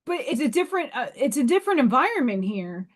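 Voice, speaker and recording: A woman's voice: sits high, big pitch swings, fast. A woman from New York hosting a casual livestream, talking frankly and emphatically to her viewers. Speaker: livestream host.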